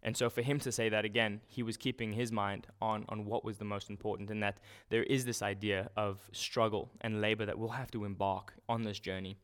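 A man preaching a sermon in a relaxed, conversational way, often restarting and using fillers. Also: lowish voice, brisk, hardly any pauses, clean tone.

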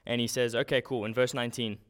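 A man's voice: medium pitch, fast. Guy giving a laid-back sermon, chatty, lots of um and restarts. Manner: relaxed, informal, with frequent restarts and fillers. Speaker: preacher. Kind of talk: conversational sermon.

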